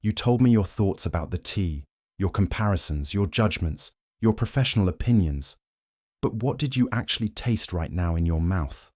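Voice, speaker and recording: A man voicing a calm, gentle old woman serving tea in a sleep story, speaking quietly and unhurried. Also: low voice, no room sound, studio quality.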